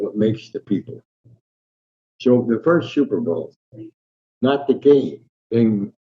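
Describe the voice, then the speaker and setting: A man's voice: on the low side, mellow. A man in his nineties from New Jersey, a guest in an interview telling rambling, vivid anecdotes with frequent restarts. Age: 90s. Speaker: guest, veteran sports columnist. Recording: dull lo-fi sound.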